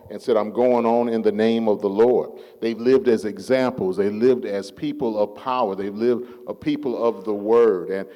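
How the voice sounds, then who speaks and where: Low-voiced preacher in a reverberant church. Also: male voice, darkish tone. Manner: call-and-response preaching, drawn-out emphatic phrases. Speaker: pastor. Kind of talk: sermon. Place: church sanctuary.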